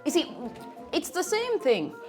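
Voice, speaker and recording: A woman's voice: very high-pitched, wildly swooping pitch, unhurried, loud music behind the voice. A woman streaming herself baking, chatting casually and greeting viewers by name. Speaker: baking livestreamer. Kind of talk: casual chat while baking.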